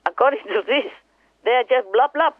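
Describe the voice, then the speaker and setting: A woman's voice: sits high, a little fast, no echo. A woman spiritual teacher on a phone call with her disciples, speaking in an impassioned, emphatic way and repeating her points. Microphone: telephone. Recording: tinny phone line.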